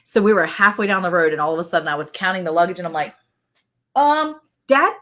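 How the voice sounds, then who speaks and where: A woman's voice: on the low side, fairly even intonation, very fast, sharp tone. A woman co-hosting a casual live stream, telling stories in a chatty way and laughing often. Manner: chatty storyteller, laughs a lot. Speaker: livestream co-host. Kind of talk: casual chat.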